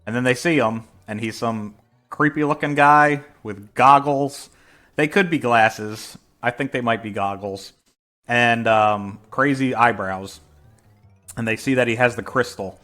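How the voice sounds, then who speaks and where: A man's voice: mid-range voice, a little slow, bright, forceful tone, faint music behind. A man casually retelling a fan comic chapter by chapter, rambling with fillers and self-corrections. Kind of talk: casual storytelling.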